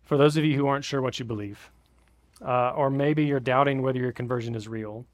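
A man's voice: medium pitch, steady tone, a little fast. Conversational male pastor preaching. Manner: conversational, re-enacting family greetings with big voices. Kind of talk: sermon. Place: church sanctuary.

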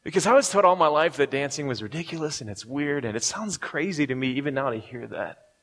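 This male pastor talks fast in a fairly high, expressive voice with a fairly bright tone, and the sound carries a big-room quality. His sermon feels conversational: he chuckles a lot and keeps checking on the congregation with "right?"

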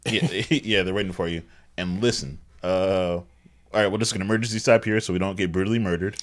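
A man with a very low voice co-hosting a film recap. He retells the plot in a dry, halting way and stumbles over his openings. His delivery stays understated. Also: steady tone. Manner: halting, dry, narrates plot with hesitant restarts. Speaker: podcast co-host. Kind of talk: casual movie recap chat.

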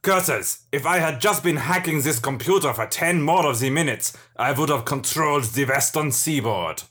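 A man's voice: on the high side, moderate pace, bright, forceful tone. A man voicing a grandiose, scheming comic villain, ranting melodramatically. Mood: villainous.

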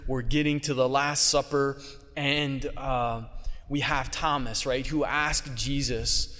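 A man preaching a homily in an easy, conversational way, his voice sitting at an ordinary middle pitch. He slips casually into quick voices for the people in his story. The sound carries the long reverb of a large church hall. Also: steady tone, pushed and bright.

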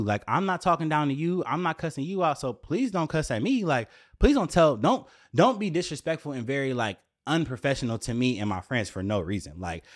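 A young man telling a story to his viewers in a casual, profane rant, full of fillers and repeated rhetorical questions. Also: medium pitch.

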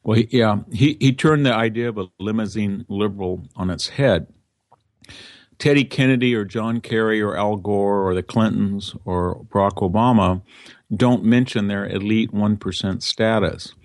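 A man with a fairly low voice talks politics as a studio interview guest. He speaks conversationally, restarting sentences and slipping into quoted asides. The sound is close and dry, with no room echo. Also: normal speed.

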